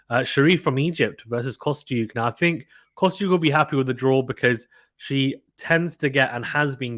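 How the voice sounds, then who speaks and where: A man's voice: medium pitch, no room sound, clean studio sound. A man hosting a tennis channel, casually going through a draw and making predictions in an offhand, self-deprecating way, thinking aloud.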